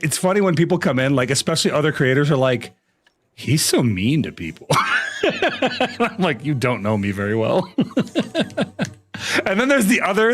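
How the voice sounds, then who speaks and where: A man's voice: fairly high pitch, fairly bright tone. A young man live streaming, ranting at his chat in mock exasperation, swearing and laughing. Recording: faint music behind. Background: faint music.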